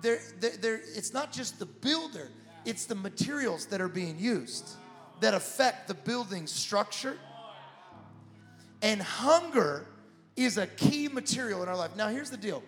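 A man with a high voice preaches to a congregation, repeating himself and swelling into shouts. The sound is roomy with a long hall reverb, and soft music plays underneath. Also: very animated, measured pace. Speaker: pastor. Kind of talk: sermon.

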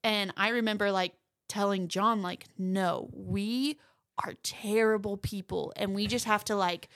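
A woman's voice: medium pitch, steady tone, a little slow, fairly bright tone, no room sound. Young woman, reflective co-host, says like a lot, dry close recording. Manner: reflective, with many fillers like "like". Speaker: podcast co-host. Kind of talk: casual faith chat.

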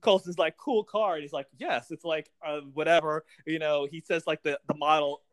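A man in casual chat recapping a TV episode, animated, acting out the characters' lines and laughing often. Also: fairly high pitch, brisk, no room sound. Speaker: podcast co-host recapping a TV episode.

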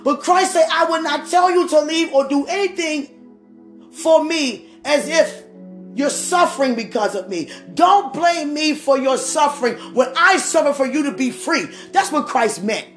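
High-voiced impassioned woman preacher. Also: lively intonation, a little slow. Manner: impassioned, rising to shouts, calls to the congregation. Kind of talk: sermon. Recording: echoey room with faint music.

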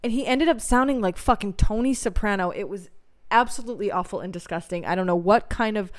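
A woman's voice: medium pitch, a little fast. Young woman hosting her podcast, swearing and laughing through frank stories. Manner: candid, laughing, profane storytelling. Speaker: podcast host. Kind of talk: casual storytelling monologue.

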